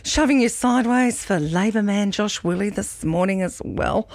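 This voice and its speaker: An Australian woman hosts a radio show in a friendly, slightly hesitant manner with filler words. Her voice sits at a middle pitch. The studio sound is close and dry. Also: normal speed, a little mellow, no room sound. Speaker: radio host. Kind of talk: radio interview.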